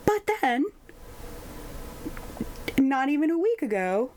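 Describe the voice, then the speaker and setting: A young woman chatting casually as a podcast co-host, telling stories with frequent laughs and quick asides. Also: high-pitched, very animated, darkish tone, a little hiss or hum. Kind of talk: casual chat.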